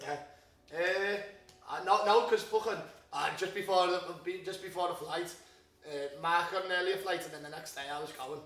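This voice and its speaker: Young podcast co-host, high-pitched, swears and laughs through his stories, recorded off-mic in an echoey room. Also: normal speed, a bit bright, distant mic. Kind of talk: casual chat. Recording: roomy, off-mic sound.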